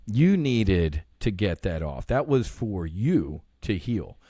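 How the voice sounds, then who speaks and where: A man's voice: sits low, sing-song, slow, mellow, slightly rough, dry recording. Earnest man, dry close sound. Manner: earnest, swears freely, reenacts dialogue. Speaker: guest. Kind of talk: casual interview talk.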